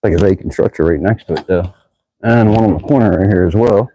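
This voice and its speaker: A man with a mellow, dark voice chats in an easygoing way while exploring streets on a bike. The sound is dry and close, picked up by a camera on the bike outdoors. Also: sits low, fast, no echo, rough recording. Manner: easygoing, chatty, muses aloud. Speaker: vlogger exploring town by bike. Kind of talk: casual narration while riding.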